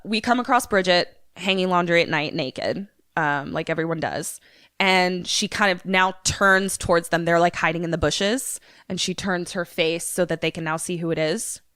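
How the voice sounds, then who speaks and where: A woman co-host retells a film plot in loose, casual chat, swearing freely. Her voice sits a little low and is recorded dry and close. She tells it like an animated storyteller. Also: moderate pace, no room sound. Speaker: podcast co-host. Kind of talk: casual movie recap chat.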